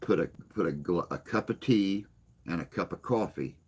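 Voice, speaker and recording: A man's voice: low voice, moderate pace, darkish tone, husky. A man hosting a morning live stream, chatting casually and joking with viewers in a rambling way. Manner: rambling, joking, reads and answers chat.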